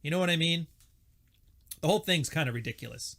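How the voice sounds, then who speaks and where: A man's voice: a little high, fast talker, vocal fry, a bit bright. A man giving a casual lecture monologue, blunt and wry in his delivery. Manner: blunt and wry, acts out quoted lines in mocking voices. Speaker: self-help lecturer.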